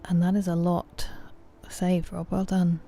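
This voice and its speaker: A woman's voice: on the low side, monotone, unhurried, mellow. A woman with a British accent chatting casually with viewers during a live game stream, answering them by name.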